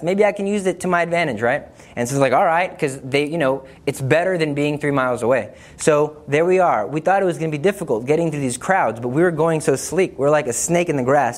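A man telling a personal story in a lively way, acting out the dialogue in higher voices and dropping low and slow for serious asides. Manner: lively, acts out dialogue with raised pitch. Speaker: storyteller recounting a trip.

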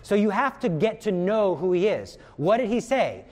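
Emphatic male prayer teacher, high-voiced, earnest. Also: very animated, moderate pace, darkish tone. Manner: earnest and emphatic, repeats words for stress. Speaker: religious teacher.

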